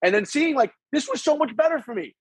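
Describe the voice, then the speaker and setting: High-voiced man telling a rambling story. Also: animated, fast talker, dry recording, low-quality recording. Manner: rambling, restarts sentences, acts out quoted dialogue; swears casually. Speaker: podcast guest. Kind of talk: casual conversational storytelling.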